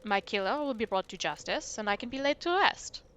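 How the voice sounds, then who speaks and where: A woman's voice: on the high side, animated, brisk, fairly bright tone. A woman voicing a wry female ghost awaiting justice, with a put-on French accent and a theatrical, languid delivery while reading game dialogue aloud. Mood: calm.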